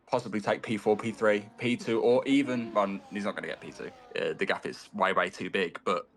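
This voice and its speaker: A man's voice: on the low side, a bit bright, a little hiss or hum. A man co-commentating a live online race from his desk, often stumbling, correcting himself and apologizing. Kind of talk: live sim racing commentary. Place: home desk.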